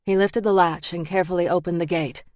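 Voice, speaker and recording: A woman reading a dark thriller audiobook in a measured, steady way. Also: fairly low pitch, no room sound, studio quality. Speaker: audiobook narrator. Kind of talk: scripted thriller narration.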